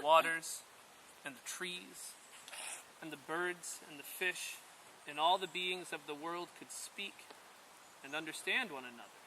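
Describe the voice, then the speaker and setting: A man telling a storybook tale aloud at a camp in a slow, rhythmic way, outdoors in the countryside. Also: on the high side, slight background noise, rough recording. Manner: slow, rhythmic, rising to loud climaxes.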